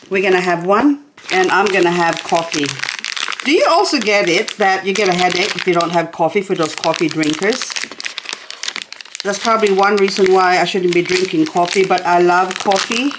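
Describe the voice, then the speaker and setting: A woman's voice: medium pitch, background noise. Chatty, rambling woman vlogger. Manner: rambling, chatty, laughs often. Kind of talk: casual chatty vlog. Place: at home indoors.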